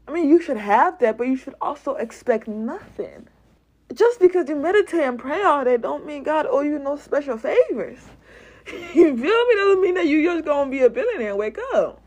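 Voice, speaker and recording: Animated woman with lively pitch. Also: normal speed. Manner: animated, laughing, swearing, acts out quoted voices. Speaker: podcast host. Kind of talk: casual spiritual podcast monologue.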